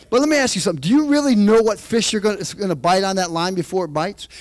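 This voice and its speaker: A man preaching a sermon, calling for amens from the congregation and dropping into quiet asides. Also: high voice. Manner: preaching with call-and-response, switches between quiet asides and raised emphasis. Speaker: pastor.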